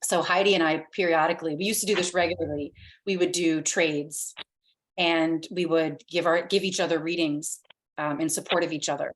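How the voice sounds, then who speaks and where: Chatty woman with a lowish voice. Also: steady tone, moderate pace. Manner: chatty, heavy use of "like", quotes her own thoughts. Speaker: podcast guest. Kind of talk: casual podcast chat.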